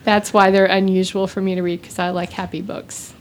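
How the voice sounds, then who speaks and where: A woman's voice: mid-range voice, level tone, fairly quick, a little hiss or hum. A woman from Texas with a light Texan drawl, chatting casually on a podcast and laughing often. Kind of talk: casual chat.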